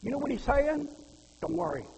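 A man's voice: very high voice, very animated, normal speed, a little mellow. A man preaching a sermon in a folksy way, asking the congregation questions and quoting scripture. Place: church hall. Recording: reverberant hall.

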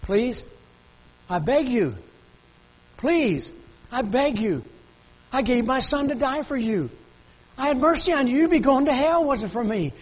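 A male preacher voicing God as a grown man who pleads and begs, his voice climbing toward near shouts. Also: very high voice, sing-song, unhurried, pauses often, slightly rough, voice pushed up, heavily acted. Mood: pleading.

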